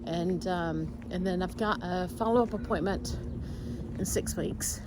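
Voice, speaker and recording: A woman's voice: lowish voice, measured pace, noisy background. A woman in her forties talking candidly in a personal vlog, rambling with many fillers. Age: 40s. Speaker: vlogger.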